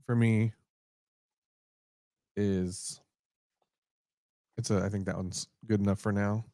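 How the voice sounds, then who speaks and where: A man co-hosting a podcast, chatting casually in a relaxed, rambling way and often correcting himself. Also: lowish voice, slow, dry recording, studio quality. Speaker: podcast co-host. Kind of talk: casual chat.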